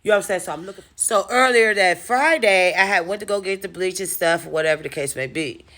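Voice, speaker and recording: A woman telling a personal story to camera in a casual vlog, animated and freely cursing. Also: on the low side, fairly quick. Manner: animated, profane, dramatic storyteller. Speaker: storytime vlogger.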